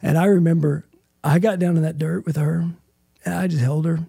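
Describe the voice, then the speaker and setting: A man's voice: a little high, steady tone, fairly quick, vocal fry, mellow, husky, dry recording, clean studio sound. A middle-aged man, a guest in an interview, telling an emotional personal story in an earnest way and often checking in with "right?".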